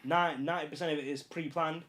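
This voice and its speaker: Northern English man, podcast guest, brisk and slightly high voice, rambling casual chat. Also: fairly even intonation, a bit bright, a little hiss or hum. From Lincolnshire, England. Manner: rambling, filler-heavy, repeats "you know what I mean".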